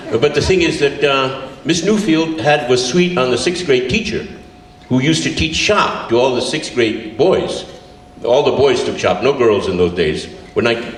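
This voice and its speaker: A man in his seventies from California telling a childhood story to a live audience, chuckling and filling pauses as he goes. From California, USA. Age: 70s. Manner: animated, laughing, many fillers. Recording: roomy, distant live recording with faint rumble.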